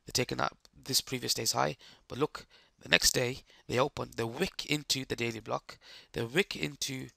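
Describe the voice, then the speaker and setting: A man with a hoarse, croaky voice giving live trading commentary, explaining chart steps and checking that the viewers follow. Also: medium pitch, steady tone, moderate pace, hardly any pauses, sharp tone, dry recording, studio quality. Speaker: trading streamer.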